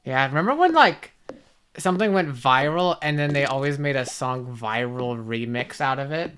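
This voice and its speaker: A woman's voice: a bass voice, expressive, normal speed, fairly bright tone, slight background noise. A woman streaming a game, chatting casually with viewers in a rambling, self-mocking way. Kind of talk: casual gaming stream chat.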